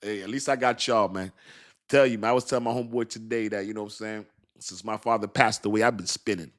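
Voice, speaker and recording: A middle-aged American man hosting a casual crypto livestream, chatting with viewers in relaxed slang and laughing often. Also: on the low side, fast talker. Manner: laid-back slangy talk, frequent laughs.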